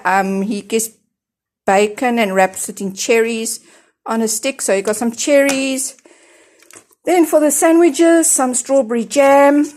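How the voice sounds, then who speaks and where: A South African woman in her forties with a fairly high voice talks through her grocery haul. She rambles in a chatty way, full of fillers and restarts, and is a little out of breath from unpacking. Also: a little mellow, slight background noise. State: slightly out of breath. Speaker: vlogger. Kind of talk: casual grocery haul vlog. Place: at home, in her office.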